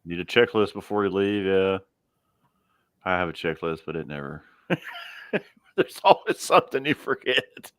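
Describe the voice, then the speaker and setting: A man's voice: low-pitched, very animated, moderate pace, pauses often, a bit bright, no echo, studio quality. A man hosting a live chat from his garage, easygoing, chuckling often and trailing off mid-sentence. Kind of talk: casual chat.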